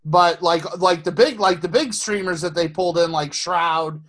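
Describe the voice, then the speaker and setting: A man's voice: high voice, normal speed, fairly bright tone. A man co-hosting a podcast, chatting casually with a loose, rambling delivery, lots of swearing and restarts. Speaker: podcast co-host. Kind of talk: casual chat.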